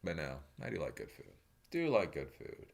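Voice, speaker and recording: A man streaming a casual rant, laughing often and jumping into loud mocking voices as he answers chat. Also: rumbling low, huge pitch swings, normal speed, creaky. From New Zealand.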